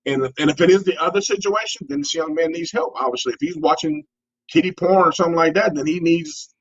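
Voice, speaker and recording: A man's voice: on the high side, fast, husky. A man co-hosting a casual sports talk show, rambling and repeating words as he talks. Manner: rambling, repeats words, says you know often. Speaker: podcast co-host. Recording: dull lo-fi audio.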